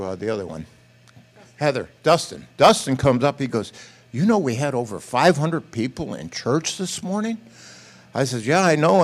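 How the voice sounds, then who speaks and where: An older man speaking from a church platform, telling a folksy, animated story with quoted dialogue in a sermon. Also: mid-range voice. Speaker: pastor or missionary speaker.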